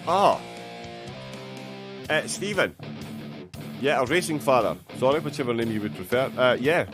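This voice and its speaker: A man's voice: mid-range voice, lively intonation, normal speed, music in the background. A man commentating a sim racing event live, chatting and joking with a guest between race updates. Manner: chatty, jokey, banter-filled.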